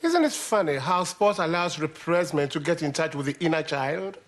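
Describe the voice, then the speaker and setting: A man's voice: a little high, expressive, moderate pace, lightly acted. An actor playing a pompous, wordy man who analyses everyone. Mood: wry.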